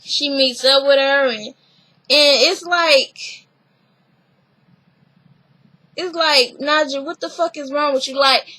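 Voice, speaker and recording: A young woman vlogger recapping a reality show in casual chat, blunt and animated, swearing freely and laughing often. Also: high-pitched, a little slow, low-quality recording.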